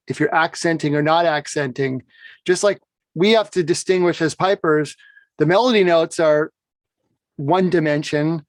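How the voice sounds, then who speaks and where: A man's voice: a little high, no room sound. A man teaching bagpipe playing in an explanatory conversation, often checking in with "right?". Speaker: bagpipe instructor. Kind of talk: instructional conversation.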